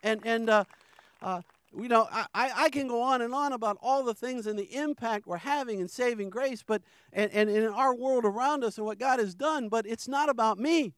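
A man's voice: very high voice, moderate pace, clean tone, no room sound. A middle-aged man from New York giving an earnest personal testimony in church, often repeating and restarting words. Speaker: ministry founder giving testimony.

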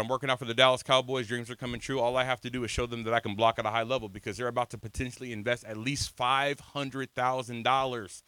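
A man in his thirties preaching an energetic sermon, telling his own story, calling on the crowd and swinging from soft to shouted lines. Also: medium pitch, clear, resonant tone, no echo. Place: church hall before a congregation.

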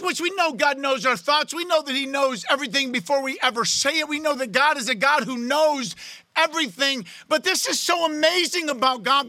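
A man preaching a sermon in a church, loud and excited, swinging from shouting to quiet, close talk. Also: extremely high pitch, dry recording. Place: church sanctuary.

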